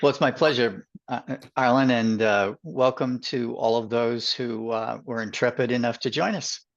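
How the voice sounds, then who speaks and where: An older man with a Boston accent, speaking as a guest consultant on a webinar over a video call, with many fillers and pauses. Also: mid-range voice, fairly even intonation, vocal fry. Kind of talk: webinar interview. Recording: dull lo-fi audio.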